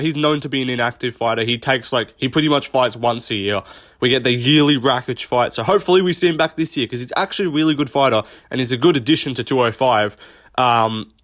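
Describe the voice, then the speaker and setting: A young man giving casual commentary on a tier list, rambling, thinking out loud and swearing often. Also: medium pitch. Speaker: host, MMA commentator.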